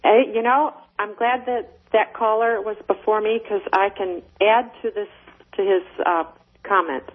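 A woman's voice: mid-range voice, fairly even intonation, measured pace. A woman calling in to a radio show, eager and emphatic as she adds to the discussion. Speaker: caller. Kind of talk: call-in radio chat. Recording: tinny phone line.

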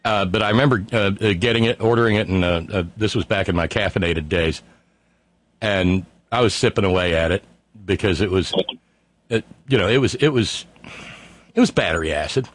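Low-voiced radio host, halting storyteller. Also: male voice, no echo. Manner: halting, restarting, rambling storyteller. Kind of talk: casual radio chat.

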